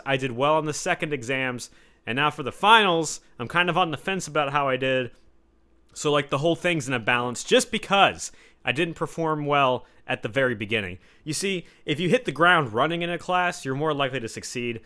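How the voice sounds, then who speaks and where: Young guy doing a solo podcast at home, bright voice, rambling and cussing, mutters then yells. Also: mid-range voice. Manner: rambling, profane, swings between mumbled asides and loud outbursts. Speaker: podcast host. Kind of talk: solo casual podcast rant. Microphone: home podcast mic setup.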